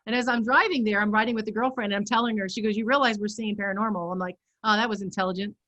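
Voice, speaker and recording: A woman on a panel discussion, telling a story in a lively way and laughing as she goes. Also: mid-range voice, rapid-fire, muffled recording.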